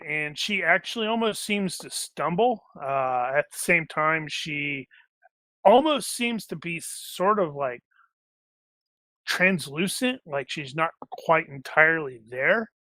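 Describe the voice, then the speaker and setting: A man's voice: a little high, expressive, slow, pushed and bright, dry recording. A man narrating a tabletop game as game master, rambling with many fillers and restarts.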